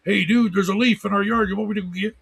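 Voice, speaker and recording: A man's voice: sits high, steady tone, fast talker, gravelly, fairly bright tone, slightly rough, pitched above the performer's own voice, exaggerated voice. A man voicing a chatty pet dog that casually warns its owner about intruders. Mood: eager. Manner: casual, buddy-like.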